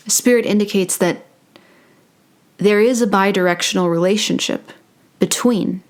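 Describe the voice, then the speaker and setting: A woman's voice: fairly low pitch, a little mellow. Playful woman with whispered asides. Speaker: spiritual channeler and meditation host. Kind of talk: casual channeling talk to camera.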